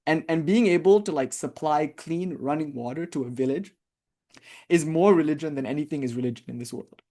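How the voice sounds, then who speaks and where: A man's voice: a little high, fairly quick, mellow. A man giving a spiritual teaching as a dharma talk, conversational and impassioned, full of casual fillers. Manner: impassioned, conversational, many "like"s and "you know"s.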